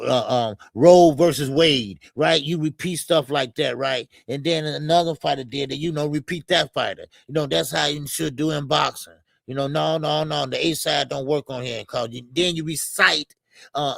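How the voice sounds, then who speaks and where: A man's voice: mid-range voice, vocal fry, dry recording. A man hosting a boxing live stream in a casual, rambling way, with many fillers as he reads out super chats. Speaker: boxing show host.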